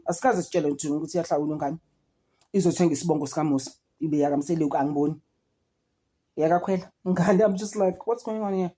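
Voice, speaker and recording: A young South African woman chatting casually as she reviews a reality show, switching languages and calling on her viewers. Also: on the low side. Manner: chatty, code-switching, animated gossip with frequent "guys" and laughs. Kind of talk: casual chat.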